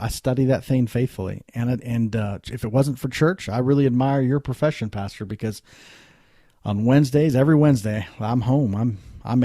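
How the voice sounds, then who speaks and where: A man voicing a loud, hard-drinking businessman who talks boastfully and confessionally. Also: sits high, vocal fry, slightly rough, no echo, clean studio sound, pitched above the performer's own voice, full character voice.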